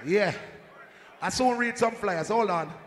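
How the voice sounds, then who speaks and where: A man with a Jamaican accent hyping a live dance as sound system selector, shouting and joking with the crowd over a handheld mic. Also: sits high, a little slow. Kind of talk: live hype talk at a dance. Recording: echoey hall, faint crowd noise.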